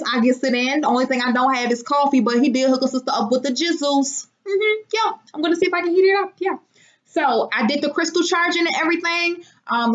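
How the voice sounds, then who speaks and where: Rambling woman on a lo-fi livestream. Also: on the high side. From Washington, D.C. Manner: rambling, animated, folksy slang. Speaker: livestream host. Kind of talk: casual livestream chat. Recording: dull lo-fi sound.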